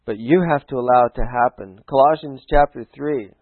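A man preaching a folksy sermon, urging his listeners, swinging from loud appeals to hushed asides. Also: medium pitch, fairly quick. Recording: phone-like narrow sound.

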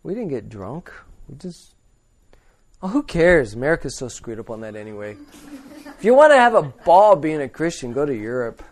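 A man's voice: fairly high pitch, big pitch swings, normal speed. A man preaching in a casual way, telling a long rambling anecdote with frequent chuckles and blunt asides. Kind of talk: informal storytelling sermon.

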